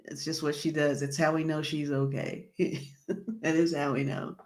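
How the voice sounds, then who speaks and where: A woman's voice: low voice, little pitch movement, normal speed, darkish tone. A woman hosting a casual livestream, reading viewer comments aloud and laughing along in a chatty way. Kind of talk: casual live-stream chat.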